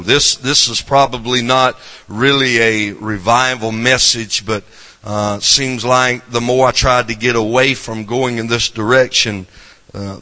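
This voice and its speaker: A man's voice: on the low side, sharp tone, big-room sound. A man with a Southern accent from South Carolina, preaching a folksy revival sermon to a congregation and dropping in frequent amens.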